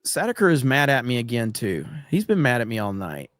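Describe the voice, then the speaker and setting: A man's voice: medium pitch, wildly swooping pitch, a little fast, a bit bright, no room sound, clean studio sound. A man hosting a casual livestream, reading viewer comments aloud with jokes and frequent fillers. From USA. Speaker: livestream host reading chat.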